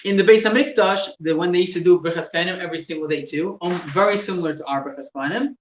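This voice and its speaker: Man teaching in an echoey room. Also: high voice. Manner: halting, repeats words, shows gestures. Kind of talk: explaining laws in a class. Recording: echoey room, distant mic, dull sound with faint noise.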